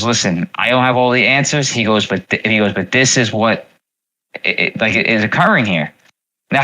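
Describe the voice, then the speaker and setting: A man's voice: lowish voice, pushed and bright, low-quality recording. A man hosting a casual livestream, rambling with many fillers and repeats. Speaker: livestream host.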